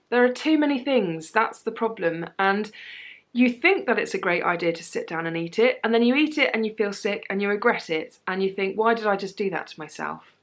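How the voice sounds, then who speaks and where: A young British woman with a British accent chatting casually to camera in a tag video, lively and quick to laugh. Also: mid-range voice. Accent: British English. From Britain. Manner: chatty and animated, laughs easily. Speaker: vlogger.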